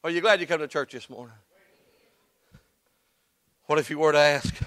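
A man preaching a sermon as pastor, folksy and plain-spoken, building up to shouts in church. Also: fairly high pitch, no room sound. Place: church sanctuary.

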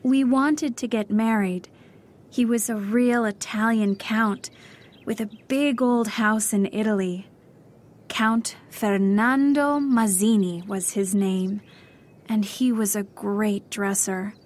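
A woman voicing a lonely young woman in mourning, speaking softly and wistfully in a storybook reading. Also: mid-range voice, slow, voice pushed up, close to an everyday voice. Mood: sorrowful.

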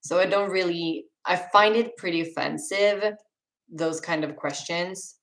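A woman's voice: fairly low pitch, unhurried, fairly bright tone, low-quality recording. A young woman with a Swedish accent, casually reading chat questions aloud on a live stream and answering them with restarts and laughs. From Sweden.

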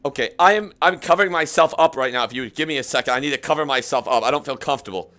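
A man's voice: mid-range voice, racing, bright, forceful tone. A male streamer hosting a comedic meditation bit, sounding flustered and exasperated as he complains. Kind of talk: comedic live-stream chat.

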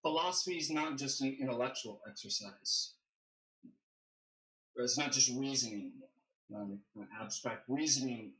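Male theologian guest, bright tone, measured and explanatory, echoey room. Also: mid-range voice. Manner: measured, explanatory, thinking aloud. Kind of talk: livestream theology discussion.

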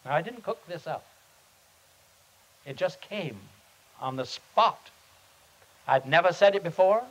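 A man, a pastor, teaching on prayer at a seminar and telling a story in an earnest, halting, unhurried way. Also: fairly high pitch, lively intonation, poor audio. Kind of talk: sermon-style teaching with storytelling. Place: seminar meeting.

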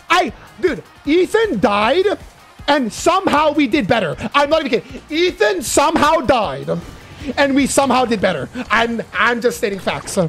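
A man doing live gameplay commentary, cursing and excitedly trash-talking his teammates. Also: very high-pitched, normal speed, gravelly, soft background music. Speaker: gaming YouTuber.

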